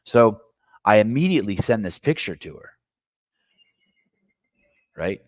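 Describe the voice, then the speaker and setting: Podcast host, middle-aged man, very low voice, dry close sound, rambling storyteller. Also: big pitch swings, unhurried, dry recording. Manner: rambling storytelling, swears casually. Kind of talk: casual chat.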